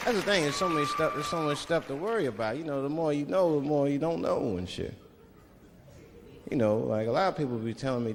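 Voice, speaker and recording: A man performing an animated, profane stand-up comedy routine on a large stage, acting out voices. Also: on the high side, a little fast, noisy background. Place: large theater stage with live audience. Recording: reverberant hall, loud crowd laughter.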